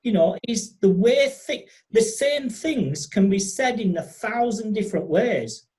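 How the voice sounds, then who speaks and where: A podcast host, chatting enthusiastically and animatedly in quick bursts. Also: mid-range voice, animated, darkish tone. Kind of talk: casual interview chat.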